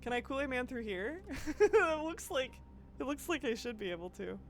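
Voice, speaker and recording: A woman's voice: sits high, very animated, moderate pace, slight background noise. A woman from the American Midwest doing live gameplay commentary as a streamer, musing aloud, giggling and chatting with viewers.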